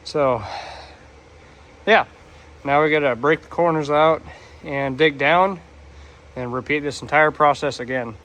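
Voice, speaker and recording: A man's voice: a little high, unhurried, long pauses, fairly bright tone. Laid-back man thinking aloud. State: out of breath. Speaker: DIY vlogger. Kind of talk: casual work narration. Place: shop or garage.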